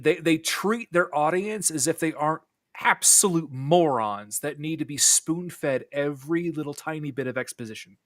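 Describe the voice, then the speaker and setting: A man's voice: a little high, fairly bright tone, dry recording. A man co-hosting a casual movie podcast, talking in an opinionated, emphatic way. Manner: opinionated, emphatic about storytelling, laughs often. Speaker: podcast co-host.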